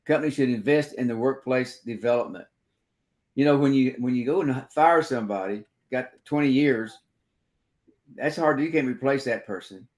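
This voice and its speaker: A man's voice: medium pitch, a little mellow. A man hosting a casual talk show, reading points aloud and commenting on them. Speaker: host.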